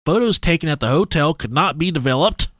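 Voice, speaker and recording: A man co-hosting a casual comedy podcast, reading a story aloud with profane asides and loud joking voices. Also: on the high side, expressive, fairly quick, no echo, clean studio sound. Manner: profane, rowdy. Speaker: podcast co-host.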